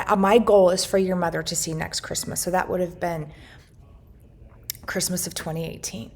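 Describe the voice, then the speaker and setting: A woman's voice: on the low side, a little mellow. A middle-aged woman telling her family's story earnestly, retelling conversations and often restarting her sentences. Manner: earnest, recounts dialogue, frequent restarts. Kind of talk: personal storytelling to camera.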